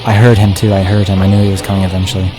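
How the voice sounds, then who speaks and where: A man's voice: deep voice, little pitch movement, rapid-fire, over music. A tired man streaming a horror game, rambling and self-mocking as he talks to his chat while keeping his voice down late at night. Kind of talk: casual live-stream commentary.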